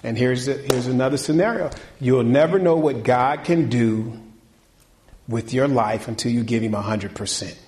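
A man preaching a sermon, folksy and conversational, swinging between loud, high exhortation and quiet, low talk. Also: normal speed, a little hiss or hum. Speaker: pastor.

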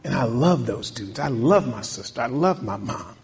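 Man preaching a lively sermon. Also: mid-range voice, normal speed. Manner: preaching with rising intensity and repetition; asks the congregation questions and calls out amen. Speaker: pastor.

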